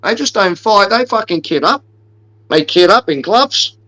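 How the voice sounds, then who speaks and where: Man, somewhat high voice, brash swearing podcast banter. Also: lively intonation, a little slow, bright, forceful tone, poor audio. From Australia. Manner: brash, swearing, joking rants. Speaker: podcast co-host.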